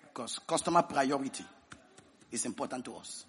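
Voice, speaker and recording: A man with a Nigerian accent preaching a sermon as pastor, who tells stories and leads the church in shouted prayer. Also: medium pitch, lively intonation, brisk. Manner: storytelling sermon building into shouted prayer and tongues.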